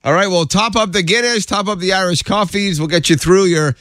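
A man's voice: sits high, a little fast, a bit bright, no room sound, clean studio sound. A man co-hosting a morning radio show, upbeat and playful. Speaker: radio co-host. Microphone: studio microphone.

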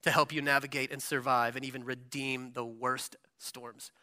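A man preaching a Christmas sermon, impassioned, shifting from hushed lines to loud peaks, with casual asides. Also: medium pitch, level tone, normal speed. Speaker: pastor.

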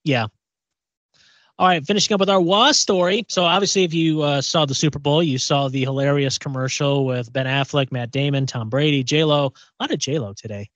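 A man's voice: fairly high pitch, brisk, a bit bright, dry recording, dull audio. A man co-hosting a pop culture podcast in casual chat, often repeating words as he thinks. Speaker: podcast co-host.

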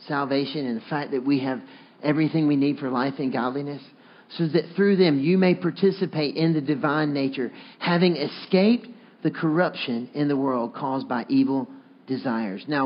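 A pastor with a fairly high voice, recorded on lo-fi audio, preaches a sermon. He leads his congregation in call-and-response, earnestly coaxing them to repeat a phrase back to him.

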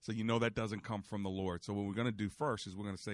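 A man's voice: fairly low pitch, level tone, fast, few pauses, no room sound. Emphatic preachy radio host man. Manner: preachy, emphatic, quotes scripture. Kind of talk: faith-based call-in radio talk.

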